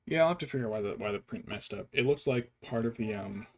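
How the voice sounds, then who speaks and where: Talking fast with lively intonation in a mid-range voice, a young man paints miniatures and chats casually. His stories ramble and turn profane, peppered with mocking impressions.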